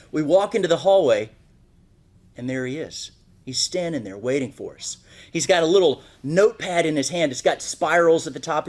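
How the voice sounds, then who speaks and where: A man's voice: a little high, a little mellow. A man giving a motivational keynote, telling a story and often asking "right?". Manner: storytelling, asks frequent "right?". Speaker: motivational speaker. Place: speaking on stage at an event.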